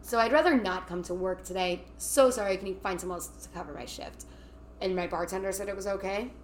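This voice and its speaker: A young woman co-hosting a podcast, telling work stories in a casual chat, animated and acting out the people she quotes. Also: mid-range voice, fairly quick. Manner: animated, acts out quotes, swears freely. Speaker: podcast co-host. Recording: faint background noise.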